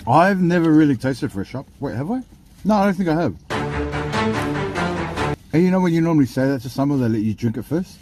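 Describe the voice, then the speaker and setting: A man's voice: on the high side, animated, brisk, long pauses, over loud music. A man, hosting a mukbang and teasing his partner in casual chat while he eats. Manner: playful, teasing, often talks with his mouth full. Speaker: mukbang host.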